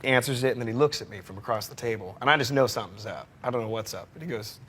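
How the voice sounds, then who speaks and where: Man, casual anecdote, rambling, lots of um and uh, mid pitch. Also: very fast, fairly bright tone, breathy edge. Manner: rambling with fillers. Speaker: talk show guest.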